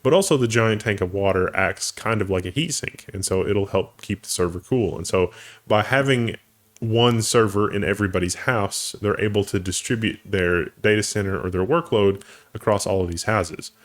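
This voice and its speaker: A man's voice: fairly low pitch, moderate pace. A man co-hosting a casual tech news show, thinking aloud and often restarting his sentences. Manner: thinks aloud, restarts phrases, laughs easily. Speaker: co-host.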